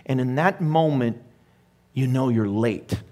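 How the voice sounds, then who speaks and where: A man's voice: mid-range voice, slow, warm tone. A middle-aged male pastor preaching a sermon in a conversational way, with laughing asides and growing emphasis.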